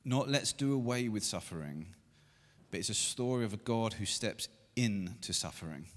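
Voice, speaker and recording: A man's voice: fairly low pitch, animated, moderate pace. Preaching man in an echoing hall. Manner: builds to loud emphatic repetition. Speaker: pastor. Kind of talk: sermon. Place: church meeting room. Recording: long hall reverb.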